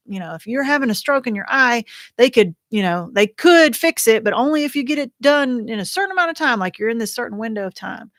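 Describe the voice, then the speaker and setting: A woman's voice: mid-range voice, fairly bright tone, no echo, clean studio sound. A middle-aged woman hosting a livestream for widows, telling a long story in a rambling, chatty way full of fillers and restarts. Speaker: host of a widows' support livestream. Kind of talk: casual livestream chat. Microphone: computer or phone mic for a livestream.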